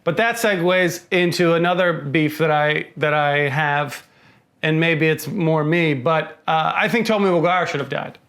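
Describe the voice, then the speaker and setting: A man's voice: on the high side, measured pace, a bit bright. A man co-hosting a casual movie review, emphatic and often stammering as he restarts. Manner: emphatic, stammers and repeats himself. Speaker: podcast co-host.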